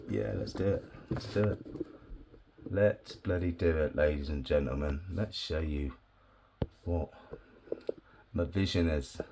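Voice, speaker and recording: A man's voice: lowish voice, noisy background. A man chatting casually to the camera while wiring a bonsai, swearing often and talking to himself. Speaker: bonsai hobbyist vlogger. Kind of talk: casual chat while working.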